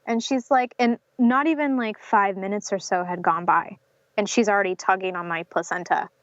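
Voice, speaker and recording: A woman's voice: medium pitch, moderate pace, dry recording. Young woman telling her story, dull dry sound. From North Carolina. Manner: many fillers like "um" and "like", acts out quotes of others. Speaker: podcast guest. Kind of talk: telling a personal birth story in an interview. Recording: slightly dull lo-fi podcast audio.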